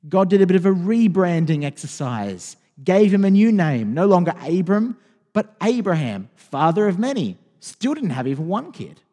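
Lively-voiced male pastor in an echoing church hall. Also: high voice, moderate pace. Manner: conversational and expressive, with frequent restarts. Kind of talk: sermon.

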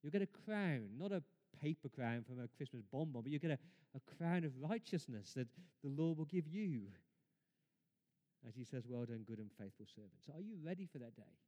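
A man preaching a sermon in a church, emphatic, rising to loud exclamations and dropping to quiet asides. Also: on the high side, expressive, moderate pace, lo-fi sound. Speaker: pastor. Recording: long reverb of a church hall.

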